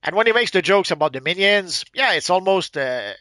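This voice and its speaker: A man's voice: high voice, expressive, fairly quick, pushed and bright, dry recording, clean studio sound. A man from Quebec with a Quebec French accent, French his first language, chatting rambly on a live game stream and answering viewers. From Quebec, Canada.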